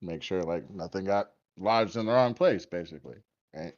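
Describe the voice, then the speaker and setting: A man's voice: low voice, moderate pace. Profane man telling a story, dull audio. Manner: profane, animated, laughs often. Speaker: podcast guest. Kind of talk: casual storytelling.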